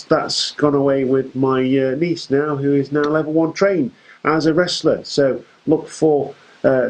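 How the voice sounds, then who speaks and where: A man's voice: medium pitch, darkish tone, rough recording. A man hosting a fan show, giving a chatty, rambling recap of a wrestling show with jokey asides.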